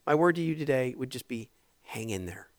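A male preacher spins a story for his congregation in a relaxed, chatty sermon voice. He stumbles through fillers and restarts as he talks. He drops to quiet asides, then surges into loud, emphatic bursts. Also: medium pitch, fairly quick, dry recording. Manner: conversational, frequent fillers and restarts; swings between soft asides and loud bursts.

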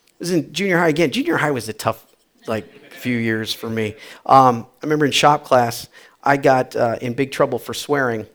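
A man preaching a sermon, telling funny stories from his school days and then pressing his point with animated, rising emphasis. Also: mid-range voice, moderate pace. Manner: animated storytelling with humor. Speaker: pastor.

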